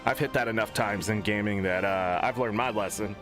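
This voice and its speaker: A young man streaming a game, ranting angrily and cursing, swinging between low mutters and loud outbursts. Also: brisk, music in the background. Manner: profane, exasperated ranting with swings in pitch. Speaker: gaming streamer. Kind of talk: angry off-the-cuff stream rant.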